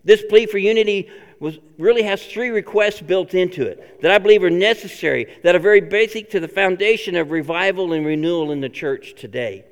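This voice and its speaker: Male pastor preaching, higher-pitched, smooth resonant tone, earnest repetition, echoing sanctuary. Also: brisk. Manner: earnest, repetitive preaching with sudden loud and soft swings. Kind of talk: sermon.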